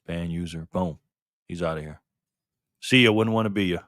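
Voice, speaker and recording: A man's voice: sits low, normal speed, a bit bright, no echo, clean studio sound. An upbeat man hosting a live stream, chatting casually and greeting viewers by name. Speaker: livestream host. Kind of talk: casual live stream chat reading comments.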